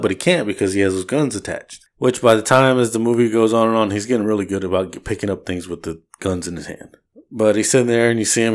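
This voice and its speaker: Low-voiced man rambling through a movie recap. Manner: rambling, acts out lines from scenes. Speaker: podcast co-host.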